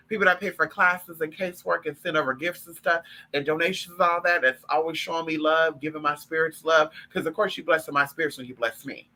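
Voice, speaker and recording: A man's voice: on the high side, pushed and bright, low-quality recording. A man, talking in a sassy, profane and emphatic way as he chats on a live stream with viewers about spiritual practice.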